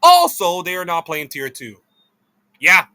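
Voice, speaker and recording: A man with a Jamaican accent doing an esports reaction vlog at his desk, excitable and gushing, swinging between loud delight and muttered asides. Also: high-pitched, measured pace, no room sound. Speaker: esports commentator. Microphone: desk mic, webcam off.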